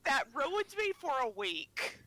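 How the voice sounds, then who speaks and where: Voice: sits high, very animated, slow pace, pushed and bright, dry recording, poor audio. A person in their twenties, chatting casually as a stream guest, rambling with lots of filler words. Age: 20s. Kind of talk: casual livestream chat.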